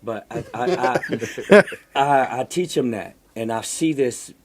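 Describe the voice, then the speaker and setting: A middle-aged man in casual chat, talking haltingly with lots of fillers and repeats. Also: mid-range voice, expressive.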